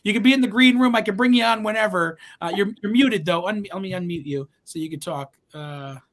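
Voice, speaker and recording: Man, slightly higher voice, chatty wine seller, lots of fillers, video call sound. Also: fairly quick, a bit bright. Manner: chatty, enthusiastic salesman with many fillers and restarts. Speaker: wine shop host. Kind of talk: live-streamed wine show, casual sales talk.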